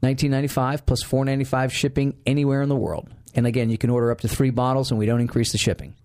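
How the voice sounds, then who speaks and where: Male podcast host, casual chat, mid-pitched, lively storyteller who acts out quotes. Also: racing.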